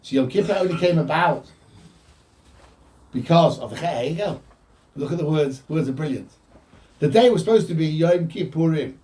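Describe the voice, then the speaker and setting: Rabbi, animated, heard from afar. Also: male voice, on the high side, normal speed, pauses often. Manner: animated, quotes Hebrew texts then explains in English. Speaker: rabbi teaching a Torah class. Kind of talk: informal Torah lecture. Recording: voice from a distance from the mic.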